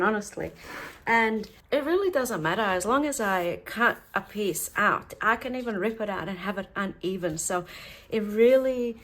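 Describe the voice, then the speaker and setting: A woman walks through a craft project step by step in an easygoing, conversational way. She thinks aloud and adds offhand asides as she works at home. Her voice sits at a middling pitch. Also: fairly bright tone. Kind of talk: casual step-by-step craft tutorial.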